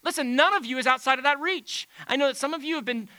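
A man preaching a sermon on a church stage, talking in a loose, conversational way with big swings between quiet and loud. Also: very high-pitched, quick pace, no room sound, rough recording. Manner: animated, conversational preaching with dramatic swings in volume. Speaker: pastor. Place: church stage under bright lights.

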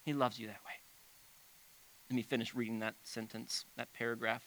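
A man preaching a sermon on a church stage, talking in a loose, conversational way with big swings between quiet and loud. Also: mid-range voice, normal speed, no room sound, rough recording. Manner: animated, conversational preaching with dramatic swings in volume. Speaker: pastor. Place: church stage under bright lights.

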